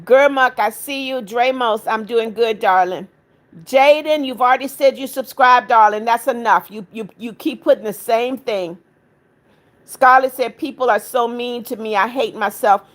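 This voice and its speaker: A middle-aged woman hosting a livestream, reading viewer comments aloud, warm to kind viewers and firm with rude ones. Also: on the high side, normal speed. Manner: firm, scolding rude commenters, affectionate to others. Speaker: livestream host reading chat. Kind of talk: casual live chat.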